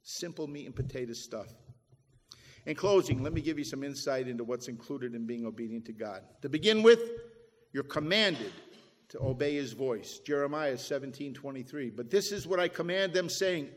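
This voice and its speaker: A man's voice: mid-range voice, expressive, moderate pace. A man preaching a sermon, swelling and dropping his voice for emphasis as he quotes scripture. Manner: preaching with rising and falling emphasis, quoting scripture. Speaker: pastor. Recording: echoey hall with long reverb.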